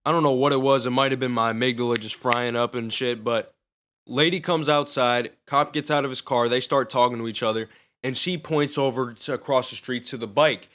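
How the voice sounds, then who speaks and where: A man's voice: medium pitch, fairly even intonation, fairly quick, fairly bright tone. A young man casually telling a personal story in loose, profane, slangy talk.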